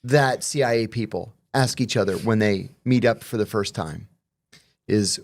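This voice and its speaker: A man, a former intelligence officer appearing as a guest, telling anecdotes in a measured, explanatory way. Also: fairly low pitch. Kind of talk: conversational interview anecdotes.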